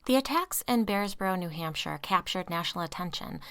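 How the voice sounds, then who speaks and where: A woman narrating a story aloud, reading tense dialogue in hushed whispers. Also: fairly low pitch, animated, a little fast, clean tone. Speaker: audiobook narrator. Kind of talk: scripted narration.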